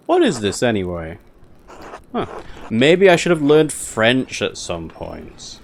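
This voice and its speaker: A man's voice: medium pitch, huge pitch swings, slow pace, vocal fry, a little hiss or hum. Wry man musing over a game. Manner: musing, wry, reading game text aloud. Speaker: let's play gamer. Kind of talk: casual gameplay commentary.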